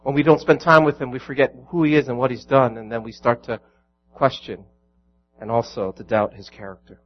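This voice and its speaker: A man's voice: medium pitch, steady tone, a little fast, lo-fi sound. A man preaching a sermon as pastor, earnest and building to emphatic peaks.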